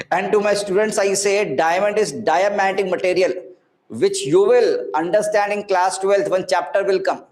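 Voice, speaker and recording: Indian guy teaching physics online, high voice, chatty and hyped, roomy echo. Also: darkish tone. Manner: chatty, encouraging, mixes Hindi words into English. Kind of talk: live online class talking to students. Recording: echoey room.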